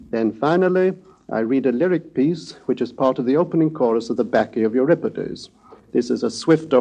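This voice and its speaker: An older man giving a measured, scholarly lecture on ancient Greek pronunciation, reading verse slowly in a chanted way. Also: medium pitch, vocal fry, mellow. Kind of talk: recorded lecture with recitation.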